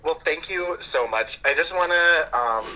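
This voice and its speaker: A man's voice: a little high, a little slow, pushed and bright. A man called in as a guest on a phone line, talking in an effusive, laughing, casually profane way. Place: at home. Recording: phone line with faint hiss.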